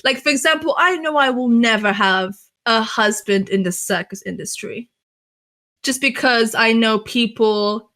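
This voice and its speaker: Bright, chatty young woman. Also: a little high, a little slow. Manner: chatty, filler-heavy and profane. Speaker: streamer being interviewed. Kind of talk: casual interview chat.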